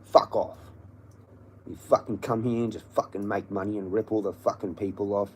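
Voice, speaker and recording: A man's voice: lowish voice, fairly even intonation, moderate pace, a little mellow, slight background noise. Ranting man on a livestream. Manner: ranting, profane, repetitive. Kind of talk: angry livestream rant.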